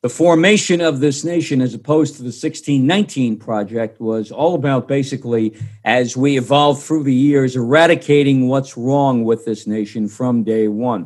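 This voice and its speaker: A man's voice: mid-range voice, normal speed, a little mellow. A man hosting a radio talk show, putting conversational questions to his guest.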